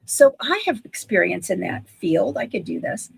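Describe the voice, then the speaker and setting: A woman's voice: mid-range voice, expressive, moderate pace, gravelly, breathy edge. A woman in her sixties chatting on a video call about her online business, talking enthusiastically and often restarting her sentences. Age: 60s. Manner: chatty, self-correcting, enthusiastic. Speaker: guest, online business owner. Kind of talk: casual livestream chat.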